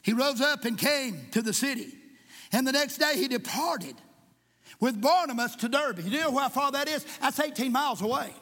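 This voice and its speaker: A man preaching a sermon. He is impassioned, jokes at times and rises to shouts in a church. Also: very high voice, lively intonation, normal speed. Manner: impassioned, shouting at peaks, joking asides. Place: church sanctuary with congregation. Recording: echoey church hall.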